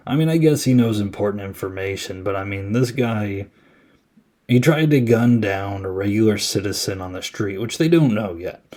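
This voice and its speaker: A man's voice: on the low side, expressive, moderate pace, darkish tone. A young man hosting a podcast, casually recapping a horror film in a rambling, amused way that corrects itself as he goes. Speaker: podcast host. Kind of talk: casual movie review recap.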